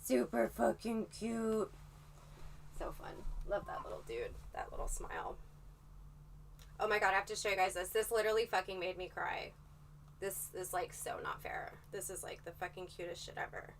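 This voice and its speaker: A woman's voice: mid-range voice, moderate pace, vocal fry, distant mic, a little hiss or hum. A woman livestreaming in a casual chat, rambling and swearing freely as she tells her story. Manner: profane, rambling, animated storytelling.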